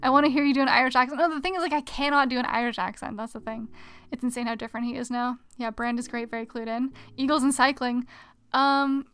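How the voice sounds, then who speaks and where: Woman doing a chill art stream, reads chat out loud, mumbles under her breath while working, pop filter mic. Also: sits high, little pitch movement, quick pace, clean tone. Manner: chatty, reads chat aloud, mutters quietly to herself while working. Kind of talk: casual live-stream chat while drawing. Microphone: desk mic with pop filter.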